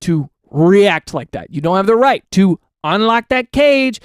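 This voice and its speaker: A man's voice: high-pitched, big pitch swings, unhurried, clear, resonant tone, dry recording, clean studio sound. A man giving comedic reaction commentary on forum posts, ranting sarcastically with mock-outraged questions.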